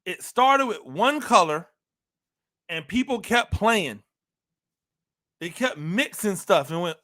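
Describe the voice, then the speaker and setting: A man delivers an animated football talk monologue in a high, bright voice. He hammers his points home by repeating phrases and keeps throwing rhetorical questions at his listeners. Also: slow pace, pauses often. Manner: emphatic, repeats phrases for emphasis; talks to listeners directly, asks rhetorical questions. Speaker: football analyst host.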